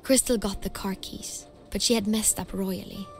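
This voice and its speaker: A woman narrating a game like a storybook, calm and even. Soft music plays faintly under her voice. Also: medium pitch, moderate pace, husky.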